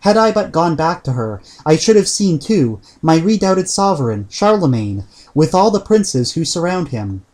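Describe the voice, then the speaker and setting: Knight figure: man reading as a sorrowful medieval knight praying aloud, solemn archaic speech, a touch high-pitched. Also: sing-song, normal speed, darkish tone. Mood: grieving prayer. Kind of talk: audiobook reading.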